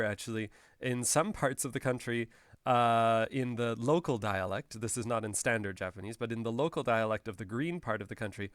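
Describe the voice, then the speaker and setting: A man teaching Japanese in a relaxed, explanatory way, with frequent "uh" fillers and restarts. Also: fairly low pitch, no room sound. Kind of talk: recorded language lesson.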